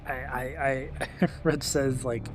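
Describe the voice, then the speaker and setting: A man's voice: mid-range voice, level tone, slow. A man playing a tabletop game who hesitates and fills his speech with "um" and "like". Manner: hesitant, filler-laden, laughs easily. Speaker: player. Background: faint music.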